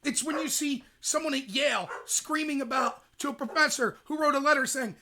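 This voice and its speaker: A young adult man hosting a livestream, ranting in rapid, emphatic commentary. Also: very high-pitched, bright, forceful tone, a little hiss or hum. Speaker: host.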